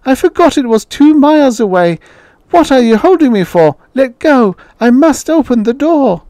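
Give me a man playing a desperate old woman screaming in a high, shrill voice, panting. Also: measured pace, no room sound, studio quality. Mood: frantic screaming. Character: frantic old woman, desperate grieving mother.

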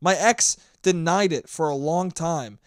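A young man hosting his own podcast, ranting with lots of swearing and sometimes shouting into a handheld mic. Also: a little high, unhurried, dry recording, clean studio sound. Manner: profane, animated ranting; shouting at times. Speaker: podcast host. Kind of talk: solo podcast monologue.

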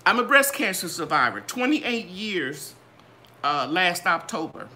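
Lively sing-song older woman host. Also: unhurried, slight background noise. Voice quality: bright, trained singer's voice. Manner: animated, sing-song ups and downs in pitch. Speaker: gardening channel host. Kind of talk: live Q and A chat.

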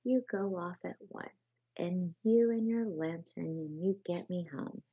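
A woman reading the part of a hearty, masterful male water rat in a bedtime storybook, brisk and commanding. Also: fairly low pitch, breathy edge, no room sound, full character voice. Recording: tinny phone-like sound, dry.

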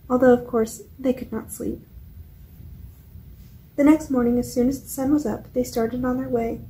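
A woman with a mellow, slightly high voice reads a children's chapter book aloud for a library storytime. Her delivery is steady and clear, paced for young listeners. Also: slight background noise, rough recording. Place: public library.

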